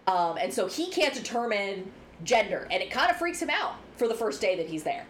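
A woman's voice: mid-range voice, very animated, brisk. A young adult woman co-hosting a podcast, chatting casually and frankly, rambling through her points and swearing now and then. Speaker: podcast co-host. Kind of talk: casual chat. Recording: faint background noise.

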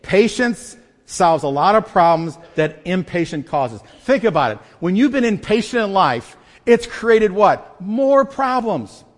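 A man preaching a sermon as pastor, emphatic and dynamic, shifting between loud stresses and quiet asides with self-deprecating humor. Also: high-pitched, very animated, unhurried. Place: church sanctuary. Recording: long church reverb.

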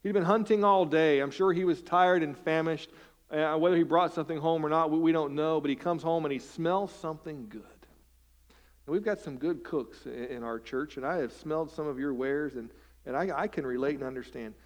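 A man, the pastor, preaching a sermon in church, animated, swinging between loud emphasis and hushed, quiet asides and asking rhetorical questions. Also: a little high, a little fast. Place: church sanctuary.

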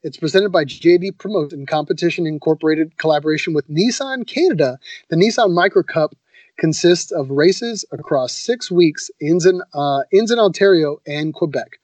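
A man's voice: on the high side, expressive, moderate pace, darkish tone, no echo. A man co-hosting a podcast in casual chat, enthusiastic and laid-back, often saying "man" and "dude". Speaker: podcast co-host.

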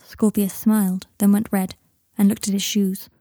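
Warm-voiced woman narrating a story. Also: medium pitch, level tone, moderate pace, breathy edge, no room sound, clean studio sound. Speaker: audiobook narrator. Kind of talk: narrating fan fiction.

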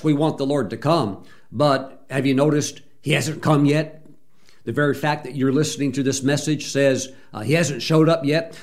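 A male preacher delivers a sermon in a mid-pitched voice. He moves between relaxed, conversational storytelling and earnest exhortation, and often breaks in with short cries of praise. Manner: conversational asides and restarts.

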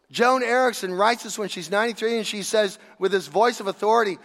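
A man's voice: high-pitched, normal speed, few pauses, a bit bright, big-room sound. A man preaching a sermon in a conversational, emphatic way, stopping for rhetorical questions.

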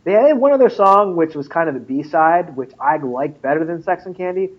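A man's voice: on the high side, animated, normal speed, lo-fi sound. A man chatting casually about nineties music, rambling through restarts and "like" as he hunts for his point. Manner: rambling, many restarts and fillers.

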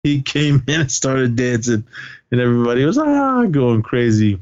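A man's voice: mid-range voice, moderate pace, highs cut off. Laughing man recapping a movie. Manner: laughs often while retelling scenes; animated, acts out lines of dialogue. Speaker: podcast co-host. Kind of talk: casual movie recap chat.

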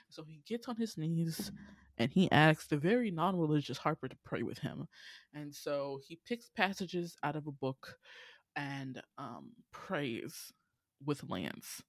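A woman giving a casual movie recap, animated and profane, laughing often. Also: low-pitched, dry recording.

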